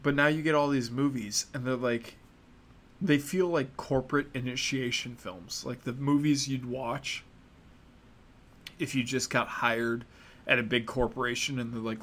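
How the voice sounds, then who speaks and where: A man's voice: mid-range voice, fairly even intonation, normal speed, a bit bright. A young American man giving opinionated, casual commentary in a sarcastic, mocking and profane way. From United States.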